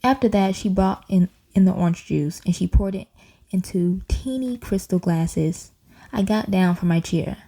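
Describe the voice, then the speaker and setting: A woman reading a children's storybook aloud in a playful, animated way, doing little voices. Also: mid-range voice, moderate pace. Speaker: audiobook reader.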